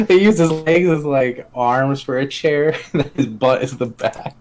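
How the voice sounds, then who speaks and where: A man's voice: fairly high pitch, takes it slowly, noisy background. A man co-hosting a podcast, chatting casually and animatedly acting out quoted lines. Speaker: podcast co-host. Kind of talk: casual chat.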